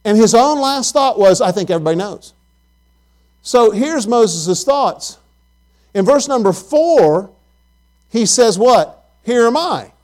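A man's voice: sits high, lively intonation, slow, long pauses, a little mellow. A man preaching a Bible lesson, asking his listeners questions and often repeating words as he goes.

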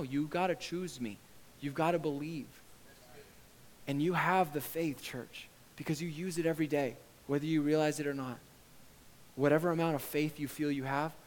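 Male preacher, slightly high voice, casual but earnest delivery that can build to shouting, recorded in a reverberant hall. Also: fairly even intonation, fairly quick. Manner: conversational, earnest, often swelling to impassioned shouting. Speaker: pastor. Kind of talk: sermon.

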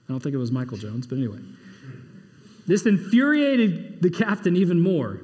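A man preaching in a high, bright voice. He swings from emphatic, rising bursts down to low, quiet asides. His words ring out with a long reverb from a church hall. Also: lively intonation, moderate pace. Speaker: pastor. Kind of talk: sermon.

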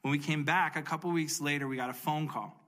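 A man sharing a personal faith testimony in an earnest, emotional way, speeding up and slowing down for emphasis. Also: fairly high pitch, steady tone, a bit bright. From United States.

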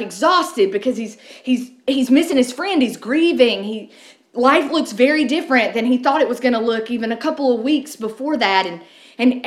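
Woman pastor, sermon, slightly high voice, echoey room. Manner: conversational storytelling with frequent restarts. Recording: roomy echo.

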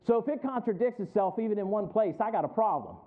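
A man's voice: sits high, expressive, fast talker. A male pastor preaching a sermon, rising in emphasis and calling out to the congregation for responses. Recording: tinny phone-like sound.

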